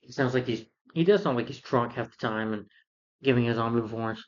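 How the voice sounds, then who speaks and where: A man's voice: medium pitch, fairly quick, dull audio. A man rambling through an exasperated movie review rant, full of fillers and restarts.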